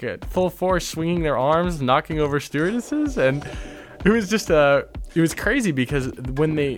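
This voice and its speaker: A man telling a travel story as an interview guest, rambling with many fillers and restarts. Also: medium pitch. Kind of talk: casual anecdote telling.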